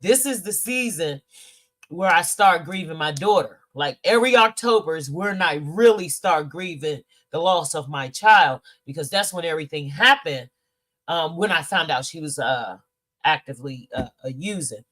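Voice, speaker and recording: A woman's voice: sits low, expressive, moderate pace, a bit bright. A middle-aged woman hosting a podcast, chatting casually with viewers in a candid, emotional way, swearing freely and sounding teary. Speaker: podcast host. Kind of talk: casual livestream chat, reading viewer comments.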